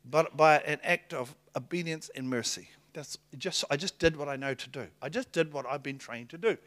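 A middle-aged man preaching a sermon, telling stories in a lively, excitable way and laughing between lines. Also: a little high, normal speed. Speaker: pastor. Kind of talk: sermon with storytelling.

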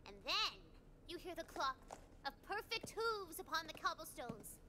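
A bubbly, playful female game narrator, whose very high voice swoops up and down with excitement. She spins a fantasy tale with childlike flair in a video game cutscene. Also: moderate pace, noisy background. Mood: storytelling. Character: excitable young female storyteller running the game.

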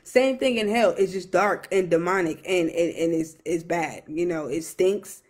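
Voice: mid-range voice, normal speed, a little mellow. A young adult minister giving an emotional personal testimony, earnest and repetitive, with many fillers and restarts.

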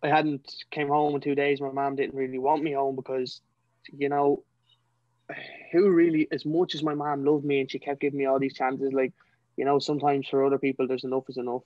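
An earnest young man with a Dublin Irish accent, recounting his own story as a podcast guest. His voice stays fairly level in pitch as he speaks with feeling, leaning on "you know" between thoughts. The sound is dry and a little dull and lo-fi. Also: level tone, a little fast, no echo. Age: young adult. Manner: earnest, emotional, fills talk with "you know". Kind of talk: personal storytelling.

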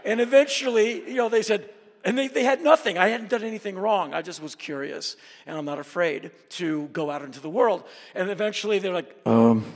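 A man telling travel stories in an animated monologue, bursting into shouted voices when he quotes people. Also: high-pitched, fairly quick, creaky, big-room sound.

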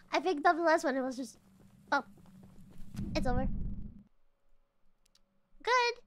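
Excitable female game streamer at home: high, lively voice with jumpy shrieks. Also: slow, pauses often, heavy background noise. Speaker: VTuber streamer. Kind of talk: casual gameplay commentary.

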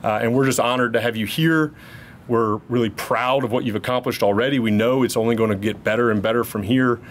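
A man speaks at a podium mic during a ribbon cutting ceremony, upbeat and welcoming. His voice is mid-pitched, and faint background noise is heard. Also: fairly even intonation, brisk. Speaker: landlord giving a speech. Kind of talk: ceremony speech. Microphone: podium microphone.

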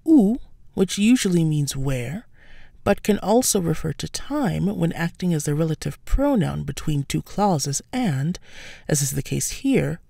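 A woman giving a scripted language lesson, explaining words slowly and carefully with French examples. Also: deep voice, creaky, dark tone, no echo, clean studio sound. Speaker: French teacher.

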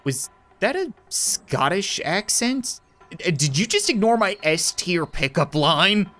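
Slow and sing-song, this man's high, slightly bright voice carries crude jokes as he plays video games. He's a gaming YouTuber doing comedic gameplay commentary.

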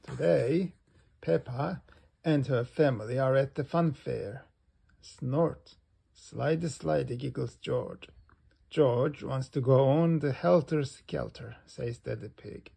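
Slow, gravelly man reading a children's book. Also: mid-range voice. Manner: slow and animated. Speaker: storybook reader.

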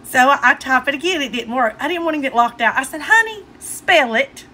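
A woman's voice: sits high, fast talker, bright, forceful tone, slight background noise. A woman with a Southern US accent telling a funny story to her viewers in a casual chat. She keeps fighting back her laughter. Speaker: vlogger.

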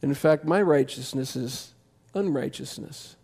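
A pastor preaching a sermon in a church, conversational and impassioned, jumping to loud emphasis. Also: male voice, mid-range voice, unhurried, gravelly, slightly rough. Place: church sanctuary.

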